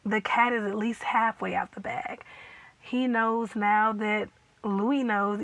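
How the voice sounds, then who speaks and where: Slow-talking chatty woman reviewer. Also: mid-range voice, poor audio. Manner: chatty, animated, laughs often, many "like" fillers. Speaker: TV episode reviewer. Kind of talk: casual reaction vlog.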